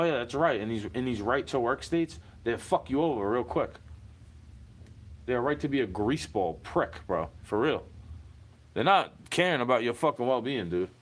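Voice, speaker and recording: A man in a recorded monologue, ranting with profanity and firing off rhetorical questions. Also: mid-range voice.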